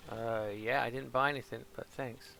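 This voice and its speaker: A man of medium pitch keeps a fairly even intonation and a moderate pace, his sharp tone edged with vocal fry over a little hiss or hum. As a British streamer and dad from England, he talks casually through gameplay at his home green-screen setup. His chatter rambles, and he answers the characters on screen.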